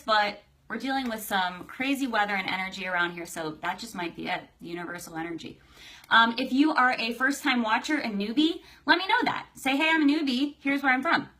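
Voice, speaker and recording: A young adult woman with a medium-pitched, sharp-toned voice hosts a casual livestream. She's chatty and emotional, greeting viewers by name.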